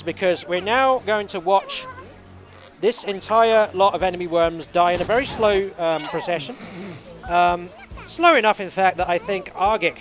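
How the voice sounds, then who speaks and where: A speedrunner talking through his own game run live, explaining each move in a steady, easy way with many fillers. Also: sits high.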